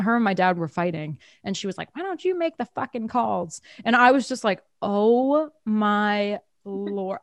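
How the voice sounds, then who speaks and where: Animated woman, bursts of laughter. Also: medium pitch, no echo, studio quality. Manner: animated, laughs often, acts out quotes. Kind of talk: casual group discussion.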